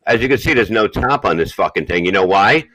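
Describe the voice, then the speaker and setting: A man's voice: fairly low pitch, expressive, a little fast, a little hiss or hum, poor audio. An older man telling crude, boastful stories on a comedy podcast. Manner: profane, boastful, loud storytelling. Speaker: podcast co-host.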